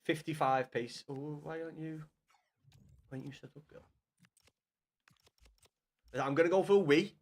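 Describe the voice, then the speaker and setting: A young man chatting casually with viewers on a live gaming stream, swearing often and bantering loudly with chat. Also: a little high, normal speed, long pauses.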